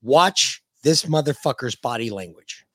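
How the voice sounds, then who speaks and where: A man's voice: medium pitch, lively intonation, measured pace, no echo, studio quality. A man co-hosting a podcast, reacting bluntly to clips with some swearing. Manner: blunt, emphatic, profane. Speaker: podcast co-host. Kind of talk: casual chat and clip commentary.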